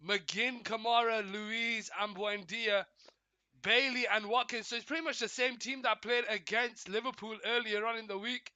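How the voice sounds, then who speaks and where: Bright, high-voiced man commentating. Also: fairly even intonation, normal speed, no room sound, highs cut off. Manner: chatty, greets viewers often, corrects himself. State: slightly croaky, coming down with a cold. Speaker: football watchalong host. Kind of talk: live football play-by-play commentary.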